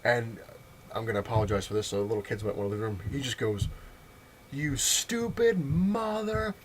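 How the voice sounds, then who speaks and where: A man's voice: on the low side, flat delivery, racing, a little hiss or hum. A man telling a casual story in a rambling way, with many restarts and frequent laughter. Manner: rambling, full of fillers and restarts.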